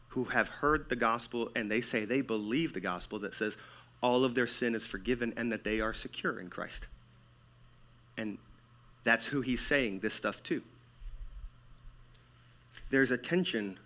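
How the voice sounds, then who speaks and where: A man preaching a sermon to his church, swinging between loud emphatic stretches and hushed, near-whispered lines. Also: mid-range voice. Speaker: pastor.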